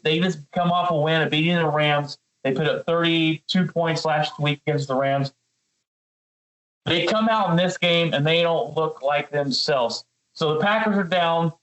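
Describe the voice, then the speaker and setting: A man's voice: a little high, a bit bright, low-quality recording. A man co-hosting a sports podcast, ranting about a football loss, repeating words as he gets heated and calling his co-host by name.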